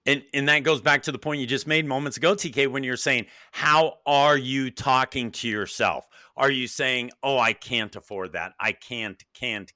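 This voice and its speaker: Bright-voiced enthusiastic male host. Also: medium pitch, no echo, clean studio sound. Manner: enthusiastic, acts out quoted voices. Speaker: podcast host. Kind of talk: casual interview chat.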